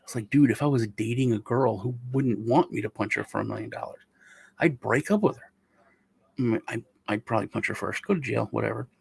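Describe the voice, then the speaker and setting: A man's voice: mid-range voice, big pitch swings, brisk, vocal fry, breathy edge, dry recording. A middle-aged man hosting a casual meme review, rambling and joking as he tells stories. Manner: rambling, joking, self-interrupting. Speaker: host.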